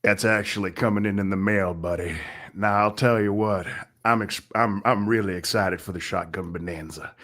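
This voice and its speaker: A man's voice: fairly low pitch, fairly even intonation, normal speed, fairly bright tone, voice pushed down, close to an everyday voice. A man voicing a folksy Wild West cowboy with a hammy put-on Western drawl, speaking on a video call. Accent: put-on American Western drawl.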